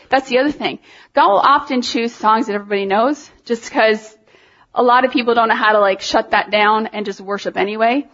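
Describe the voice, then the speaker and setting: A woman worship leader telling a congregation a story in a sermon-style testimony, animated, laughing and rising with emotion. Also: high voice, muffled recording.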